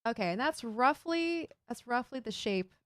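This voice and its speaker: A woman's voice: fairly high pitch, lively intonation, normal speed, dry recording. A woman streaming a building game, chatting casually and thinking aloud while she builds and reads chat. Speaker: Minecraft streamer.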